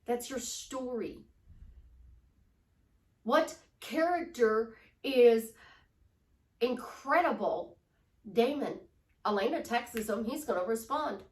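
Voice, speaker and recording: A woman's voice: fairly high pitch, slow, long pauses, distant mic. A woman from Chicago, a relationship life coach, giving an upbeat, gushing motivational vlog talk. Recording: echoey room, voice away from mic.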